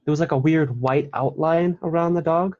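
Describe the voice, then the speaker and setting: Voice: medium pitch, fairly even intonation, normal speed, a little mellow, lo-fi sound. A podcast co-host in casual chat, laughing along and adding short reactions.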